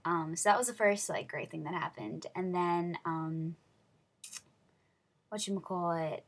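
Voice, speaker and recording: A teenage girl telling an excited story in a casual vlog, gushing and full of fillers. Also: on the low side, measured pace. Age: teens. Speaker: vlogger.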